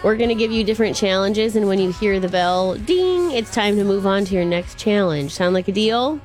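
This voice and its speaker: A woman hosting a morning show in a bright, bubbly announcer's manner, with a voice of middle pitch. Faint music runs behind her. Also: animated, brisk. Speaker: show host. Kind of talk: upbeat morning-show presenting.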